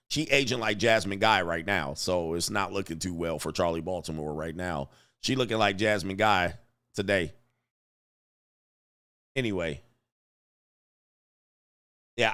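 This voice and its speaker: A man's voice: lowish voice, fairly bright tone, clear, resonant tone. A man hosting a livestream reaction commentary, talking in a blunt, mocking way and chuckling often. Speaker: commentary host.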